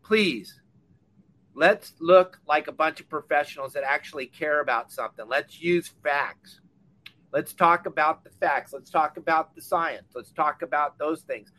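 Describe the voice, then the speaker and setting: An older fishing podcast host with a bright, high voice and a Southern Californian accent delivers an impassioned rant from a boat or dock. He speaks a little slowly, fired-up, blunt and scolding.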